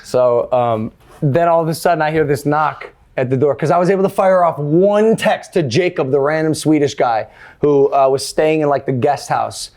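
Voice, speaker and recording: A man's voice: a little high, normal speed, a little mellow. A man hosting a podcast, telling a story in a casual, rambling way with lots of fillers. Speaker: podcast host.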